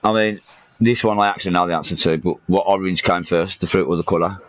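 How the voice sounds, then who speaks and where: Man, very low voice, playful gamer chat, laughs a lot, headset sound. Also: fairly even intonation, fast talker. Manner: playful, musing, laughs often. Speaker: livestream host. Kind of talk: casual chat while gaming.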